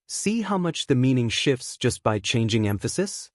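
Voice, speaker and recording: A man co-hosting a language-learning podcast, giving clear, measured scripted explanations. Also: mid-range voice, big pitch swings, dry recording, studio quality. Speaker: podcast co-host. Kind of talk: scripted teaching talk.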